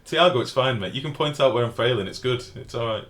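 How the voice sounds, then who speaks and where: A man's voice: mid-range voice, fast talker, a bit bright. A man, streaming a game live and chatting casually while reading out chat messages and swearing freely.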